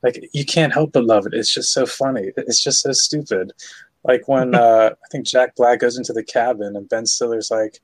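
A man's voice: medium pitch, fairly even intonation, moderate pace, dry recording, poor audio. A man co-hosting a casual podcast, laid-back, laughing and swearing as he recalls scenes. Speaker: podcast co-host. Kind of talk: casual chat.

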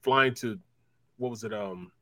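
A man's voice: fairly low pitch, a little slow, pushed and bright, dry recording. A man who used to play football, co-hosting a sports talk show and telling long rambling stories with lots of repeats. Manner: rambling storyteller, repeats himself. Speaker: co-host, former football player.

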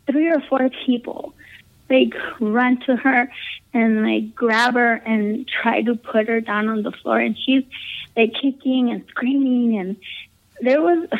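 A woman casually telling a personal story, rambling with lots of "um", "like" and "you know". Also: on the high side. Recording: tinny phone-like line.

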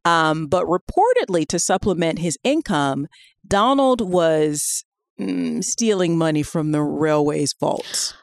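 A woman co-hosting a podcast, telling a story in a casual, animated way with laughter and many fillers. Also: low-pitched, slow pace, vocal fry, no echo, studio quality. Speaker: podcast co-host.

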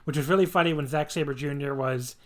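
A man co-hosting a casual wrestling podcast, rambling and animated, laughing often and swearing casually. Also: on the high side, fairly quick. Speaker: podcast co-host. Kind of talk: casual wrestling review chat.

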